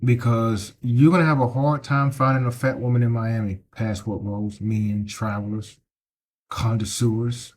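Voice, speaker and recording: Slight background noise surrounds a middle-aged travel vlogger whose mid-range voice moves at normal speed with hardly any pauses. Walking outdoors with his phone, he lectures the camera, says things more than once, and ends lines with "right?"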